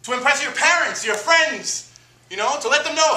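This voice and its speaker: Man from Miami doing a solo comic monologue, high voice, echoey stage from afar. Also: normal speed, distant mic. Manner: animated, self-mocking storytelling. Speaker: solo performer. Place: theater stage. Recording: roomy stage taped from afar, noisy.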